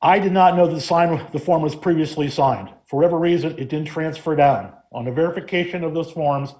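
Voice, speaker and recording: A man's voice: fairly high pitch, brisk, a little mellow. A man serving as law director, speaking firmly and defensively in a council meeting debate. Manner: firm, defensive, lawyerly.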